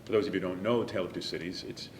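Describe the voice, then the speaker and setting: A man, a stage actor, talking in an interview in an earnest, emotional way and dropping to a soft whisper at times. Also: sits low, steady tone, racing, echoey room, slight background noise. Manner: earnest and emotional, some lines softly whispered. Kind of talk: reflective interview talk.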